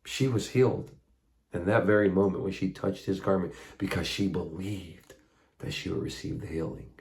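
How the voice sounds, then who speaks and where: A man with a deep, low voice speaks about faith directly to the listener. He is earnest and conversational, and he slips into casual asides as he retells old stories. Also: steady tone, moderate pace, creaky, a little mellow. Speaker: faith talk host. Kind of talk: spoken faith monologue.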